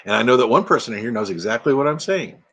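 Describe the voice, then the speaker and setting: Lively joking older Texan man. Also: mid-range voice, quick pace, breathy edge. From Texas. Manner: jokey, slips into silly bits and voices. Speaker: livestream host. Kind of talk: casual live chat.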